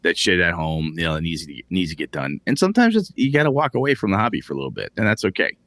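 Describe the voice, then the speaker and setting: A man's voice: deep voice, very animated, fast, a bit bright, dry recording. Profane, ranting man in his forties. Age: 40s. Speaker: podcast co-host. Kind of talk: casual podcast chat.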